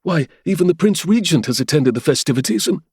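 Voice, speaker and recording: A man voicing a young male butler who stammers nervously and turns eager and excitable. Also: a little high, quick pace, slightly rough, no room sound, clean studio sound, voice pushed up, full character voice. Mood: excited.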